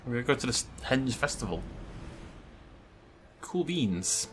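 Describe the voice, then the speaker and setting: Lively chatty man gaming. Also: medium pitch, a little slow, soft background music. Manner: chatty, excitable, swears casually. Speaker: let's play host. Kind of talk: casual gameplay commentary.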